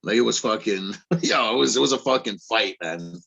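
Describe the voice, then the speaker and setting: Low-voiced man, profane and excitable. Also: normal speed, creaky, slightly rough, muffled recording. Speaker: podcast co-guest and arm wrestler. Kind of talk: casual chat.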